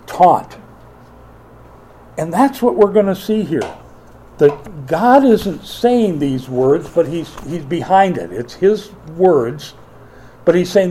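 A middle-aged man preaching a sermon as pastor, lively and playful, acting out taunts and quoted voices. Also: on the high side, a little hiss or hum, poor audio.

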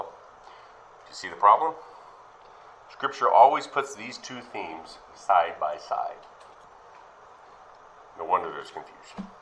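Male preacher, low and forceful, reads verses then asks questions, faint hiss. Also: poor audio. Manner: reads scripture aloud, then questions and explains it. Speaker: Bible teacher. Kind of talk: Bible teaching sermon.

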